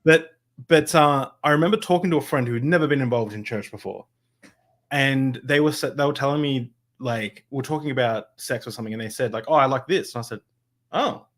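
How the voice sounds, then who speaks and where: A man hosting a podcast in casual chat, lively and quick, dropping low when quoting hushed talk. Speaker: podcast host.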